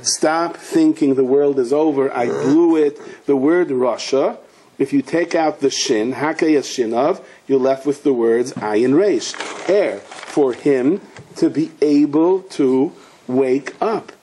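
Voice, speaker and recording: A man's voice: medium pitch, slow pace, mellow, slight background noise. A man, a rabbi, giving a sermon in a storytelling way, asking questions and mixing in Hebrew and Yiddish words.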